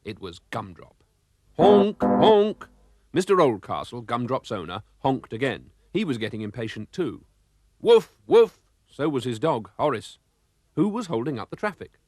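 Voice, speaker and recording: A man narrating a children's storybook cartoon, expressive and voicing the sound effects himself. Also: mid-range voice, moderate pace.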